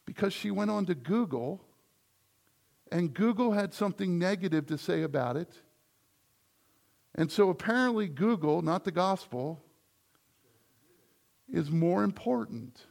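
A man's voice: high-pitched, animated, measured pace, vocal fry, pauses often, darkish tone. A man preaching a sermon as the church's pastor, in a conversational style that builds to emphatic points.

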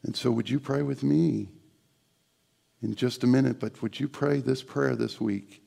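A middle-aged pastor delivers a sermon in a church with a deeply gravelly, rough-edged voice. His delivery swings between emphatic, animated stretches and a soft, prayerful hush. His pitch sits in an ordinary middle register. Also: a little slow. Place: church sanctuary.

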